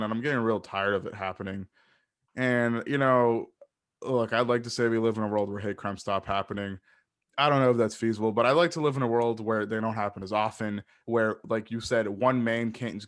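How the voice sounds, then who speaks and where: A man talking in a casual podcast chat, passionate and rambling, swearing freely as he makes his point. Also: lowish voice.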